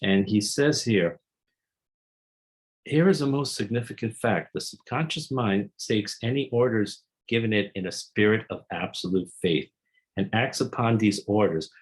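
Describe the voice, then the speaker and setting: A man's voice: on the low side, rough recording. A man giving an earnest, explanatory summary of a self-help book, reading quotes aloud and then explaining them.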